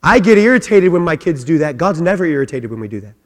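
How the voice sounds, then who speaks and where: A man preaching a sermon as pastor, emphatic, repeating his phrases and swinging between loud and soft. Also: on the high side, very animated, quick pace. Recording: long hall reverb.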